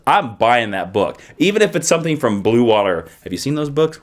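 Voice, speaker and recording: A man reviewing comic books in a casual, joking vlog with quick asides. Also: a little high, sing-song, a bit bright.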